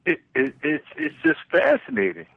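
A man in a casual radio conversation, talking in halting bursts with lots of restarts and excited curiosity, heard over a phone line. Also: high-pitched, vocal fry, husky, no room sound.

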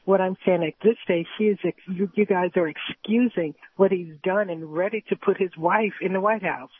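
A woman's voice: lowish voice, normal speed, a little hiss or hum. A woman calling in to a talk radio show, indignant and talking over the host. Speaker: caller. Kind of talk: call-in complaint on talk radio. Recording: tinny phone line.

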